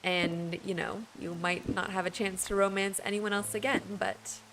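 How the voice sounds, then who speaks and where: Female streamer, playful and giggly, medium voice, low music in the background. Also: steady tone, normal speed. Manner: giggly, laughs often; rambling and playful, with fillers. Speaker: game streamer. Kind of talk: casual chat with stream viewers while building.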